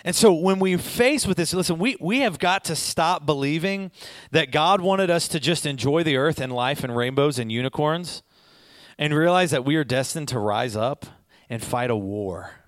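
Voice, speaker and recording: A man's voice: fairly high pitch, animated, moderate pace, dry recording. A man preaching a sermon, urgent and repetitive, building to emphatic exhortation.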